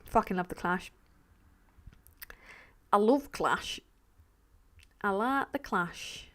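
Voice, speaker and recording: A woman voicing a gruff man in a blokey impression of a friend, with a low, gruff put-on voice. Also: animated, slow pace, a bit bright.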